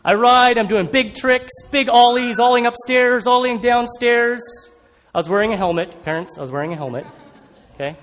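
Man preaching through a story, lively high voice, animated, long hall reverb. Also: normal speed. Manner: animated, acts out scenes. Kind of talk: storytelling sermon.

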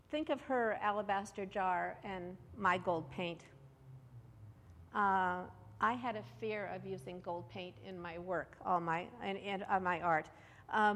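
A woman's voice: mid-range voice, a bit bright, slight background noise. A woman giving a candid, self-mocking personal testimony talk, full of fillers and asides. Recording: long hall reverb.

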